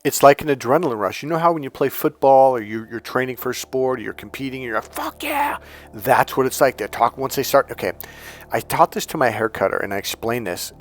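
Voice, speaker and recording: A man giving casual dating advice as a coach, telling lively stories and acting out the people in them, blunt and a bit crude. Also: mid-range voice, quick pace. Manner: animated storyteller who acts out the people he quotes. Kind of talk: casual motivational monologue.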